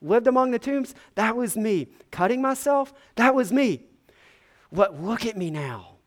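A man's voice: mid-range voice, measured pace, natural voice. A man voicing a freed, formerly possessed man who is overjoyed and eagerly pleading. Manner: excited, urgent, pleading.

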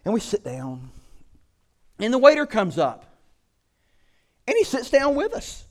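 A man's voice: very high-pitched, a little slow. A man preaching a sermon as a pastor, telling stories with lots of rhetorical questions. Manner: animated storytelling with rhetorical questions.

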